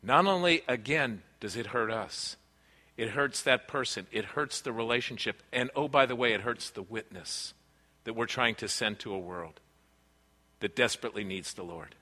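In a large hall with long reverb, a male pastor preaches at a moderate pace, his mid-range voice pushed and bright. His tone stays earnest and conversational as he recounts personal anecdotes about his family.

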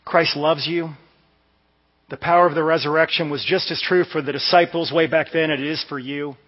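High-voiced pastor in a reverberant hall. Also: male voice, fairly even intonation, normal speed. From Washington DC area, US. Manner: conversational, storytelling with asides. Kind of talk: sermon. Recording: dull sound with long hall reverb.

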